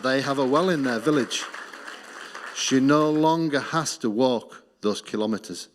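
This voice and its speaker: A middle-aged man with an Australian accent shares his testimony from a church platform. His voice sits at an ordinary pitch, and he tells his story earnestly, letting it sink low and quiet on the lines that matter most. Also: a little slow, a little hiss or hum. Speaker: missions speaker.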